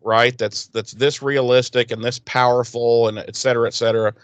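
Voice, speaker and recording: Profane, animated podcast host man. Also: mid-range voice, brisk, no echo. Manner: profane, animated, acts out characters' lines. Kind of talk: casual chat recapping a TV episode.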